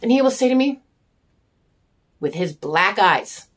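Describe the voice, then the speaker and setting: A woman's voice: medium pitch, expressive, unhurried, fairly bright tone. Raw, intense woman venting. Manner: raw and intense, with frequent swearing; repetitive emphatic phrasing. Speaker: vlogger sharing her story. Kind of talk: emotional personal monologue.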